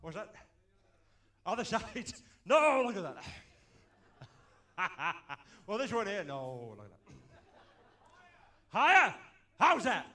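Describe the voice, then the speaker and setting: A man's voice: sits high, sing-song, slow pace, long pauses, pushed and bright, full character voice. A man doing a chuckling bumbling comic magician. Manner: chuckling, muttering "oh dear" between one-liners. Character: bumbling chuckling stage magician-comedian, middle-aged man. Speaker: tribute comedian. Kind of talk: stand-up comedy with botched magic tricks. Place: stage in a club.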